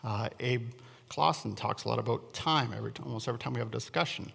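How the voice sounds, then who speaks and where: A man's voice: mid-range voice, fast, gravelly, a bit bright, slightly rough. Chatty male preacher in a reverberant church. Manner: chatty, asks the congregation questions, self-deprecating asides. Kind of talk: conversational sermon. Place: church sanctuary.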